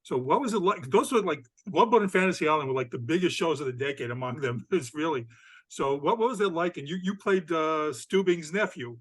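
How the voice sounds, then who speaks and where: A man's voice: fairly high pitch, lively intonation, fairly quick, fairly bright tone. A man interviewing a guest, asking questions in a chatty, rambling way. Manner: chatty, restarts questions, laughs easily.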